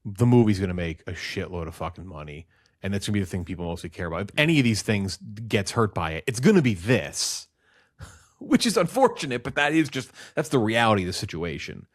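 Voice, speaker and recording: A man's voice: deep voice, expressive, fast. A man co-hosting a film podcast, rambling casually with restarts and blunt swearing. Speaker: podcast co-host.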